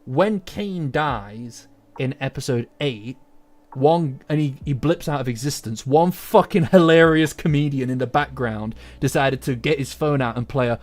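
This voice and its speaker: A man's voice: mid-range voice, darkish tone. A British man chatting casually to his stream audience, rambling, swearing and getting worked up. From Britain. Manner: rambling, profane, quickly agitated. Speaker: anime commentator. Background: faint lo-fi music.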